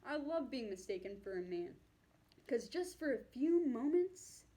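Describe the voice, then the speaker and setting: A woman's voice: sits high, very animated, measured pace, mellow. Dry, self-mocking woman comic. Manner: dry, self-deprecating delivery. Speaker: stand-up comedian. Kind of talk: stand-up comedy set. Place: on stage before an audience.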